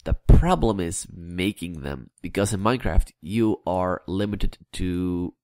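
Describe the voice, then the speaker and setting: Rambling man narrating his game build, low voice, dry close sound, chatty and self-mocking. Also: animated, unhurried, a little mellow, no echo. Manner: rambling, chatty, mutters at himself with filler words; plays with a vague put-on accent. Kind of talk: casual gameplay building commentary.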